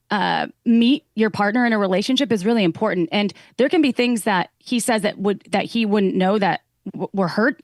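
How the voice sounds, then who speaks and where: A woman's voice: medium pitch, no room sound. A woman talking earnestly as a podcast guest, acting out the lines she quotes. Her voice sits in a middle range and is recorded close and dry, with no room sound. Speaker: guest, sex educator. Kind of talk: casual chat.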